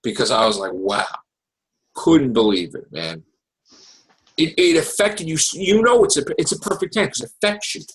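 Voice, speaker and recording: A man hosting a casual podcast chat, recapping TV shows in an excitable, profane, animated way. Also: on the high side, moderate pace, low-quality recording. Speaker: podcast host.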